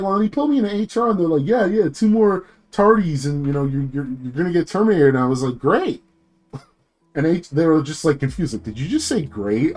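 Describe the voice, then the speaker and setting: Young dude vtuber ranting about work, cussing, voice jumps way up when he gets worked up, faint music behind. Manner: swearing, laughing, animated ranting with sudden pitch jumps. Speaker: VTuber streamer. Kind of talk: ranting casual storytime.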